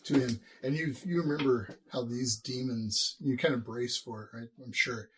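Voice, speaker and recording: A man runs a tabletop game as game master, his voice sitting at a middle pitch. He is wry and casual, thinking aloud as he works through combat. The binaural recording carries a faint background hiss. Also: moderate pace.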